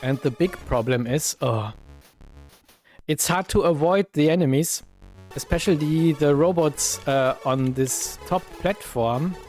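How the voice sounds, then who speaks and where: Slow-talking German-accented man streaming retro games. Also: on the high side, a little mellow, soft background music. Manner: slow, thinking aloud with many fillers, bursts of exclaiming at the game. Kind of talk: casual live-stream commentary.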